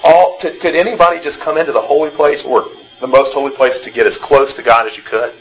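A man's voice: mid-range voice, fairly even intonation, quick pace, low-quality recording. A man teaching a Bible class, talking conversationally, asking the group questions and often repeating words as he restarts. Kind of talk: interactive church class lecture.

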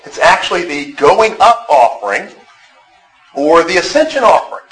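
A man teaches a Bible class conversationally, asking the group questions and often repeating words as he restarts. His voice is a little high and a bit bright, animated at a normal speed, on a rough recording.

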